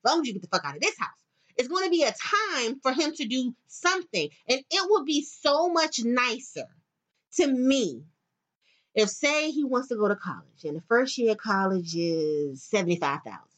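A middle-aged woman hosting a show, delivering a blunt, profane, animated rant in casual monologue. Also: a little high, moderate pace. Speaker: podcast host.

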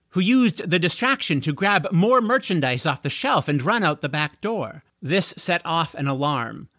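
A man reading a story aloud as narrator, expressive, on a close mic. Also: on the high side, no room sound. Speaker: audiobook narrator.

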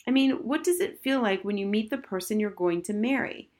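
A woman's voice: mid-range voice, expressive, fairly quick, a little mellow, pitched above the performer's own voice, lightly acted. A woman voicing a curious, blunt eleven-year-old girl who pesters with questions in a storybook reading. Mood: exasperated.

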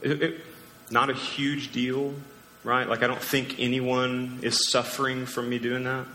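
Bright-voiced pastor man in echoey hall. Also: medium pitch, little pitch movement, a little slow, a little hiss or hum. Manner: casual and conversational, joking asides. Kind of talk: sermon. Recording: echoey hall with long reverb.

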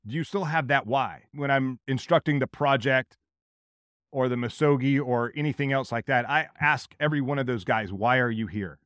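A man's voice: medium pitch, normal speed, a bit bright, dry recording. A middle-aged man hosting a solo podcast, talking in an earnest, direct way and repeating questions for emphasis. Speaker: podcast host.

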